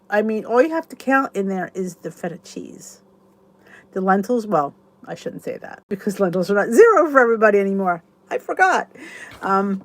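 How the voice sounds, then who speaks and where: A middle-aged woman hosting her channel, chatting casually and enthusiastically to viewers in a rambling way. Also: mid-range voice. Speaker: YouTube channel host.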